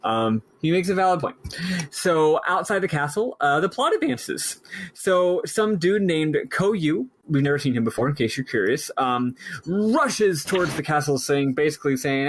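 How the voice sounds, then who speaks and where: A man's voice: on the high side, lively intonation, normal speed, rough recording. A man hosting a casual podcast who recaps a game in a loose, rambling way with lots of fillers. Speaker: podcast host.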